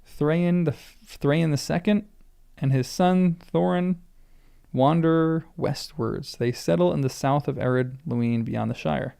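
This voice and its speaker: A man's voice: a little high, slow pace, gravelly, dark tone, clean tone. A man reading a book aloud for the first time, stumbling over names and stopping to muse about pronunciation.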